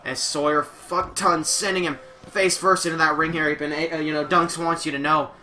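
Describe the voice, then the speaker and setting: A young man doing energetic play-by-play commentary over a wrestling video game, shouting at the big moves, his voice going a little rough from use. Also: on the high side, moderate pace, slight background noise.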